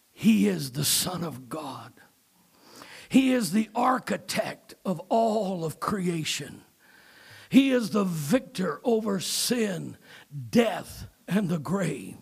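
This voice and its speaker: A man preaching a Palm Sunday sermon, repeating "amen" and "uh," swinging between hushed whispers and shouted climaxes. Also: sits high, lively intonation, slow pace, gravelly, husky.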